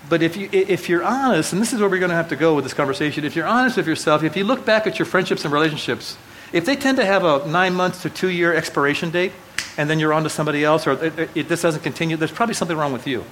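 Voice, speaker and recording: A man's voice: a little high, very fast, fairly bright tone, a little hiss or hum, rough recording. Conversational middle-aged male pastor preaching. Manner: conversational storytelling with self-deprecating humor; frequent restarts and asides to the audience. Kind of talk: sermon. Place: church hall before a live audience.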